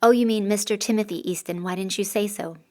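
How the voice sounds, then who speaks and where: A woman voicing a sharp-tongued, defiant young woman who answers curtly and sarcastically. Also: medium pitch, fairly even intonation, quick pace, lightly acted. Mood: sarcastic. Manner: curt and sarcastic.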